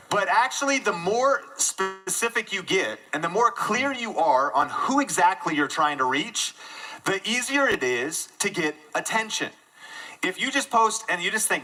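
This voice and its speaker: A man giving an energetic live keynote talk to an audience in a room, joking at his own expense. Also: sits high, moderate pace, rough recording. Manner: energetic and self-deprecating, jokes with the audience. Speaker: conference speaker.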